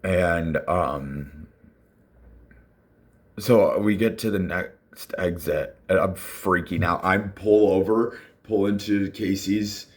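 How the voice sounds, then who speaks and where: A man's voice: low voice, takes it slowly. A man casually telling a personal story, rambling with fillers and acting out what people said.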